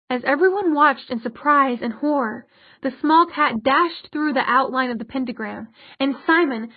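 Female audiobook narrator, steady delivery; dry, close, phone-like sound. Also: fairly high pitch, no echo. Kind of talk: scripted fiction narration.

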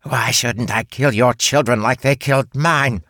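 A man voicing a giant grieving mother spider with a hissing, drawn-out voice in an audiobook. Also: lowish voice, creaky, fairly bright tone, breathy edge, no echo, studio quality, pitched above the performer's own voice, full character voice. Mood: screeching. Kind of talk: audiobook character voice.

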